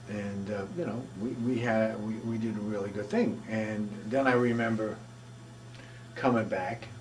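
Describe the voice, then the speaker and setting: A man's voice: medium pitch, a little mellow. Older man reminiscing, off-mic. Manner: rambling, conversational, frequent restarts. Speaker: veteran interviewee. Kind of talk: oral history storytelling. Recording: voice from a distance from the mic.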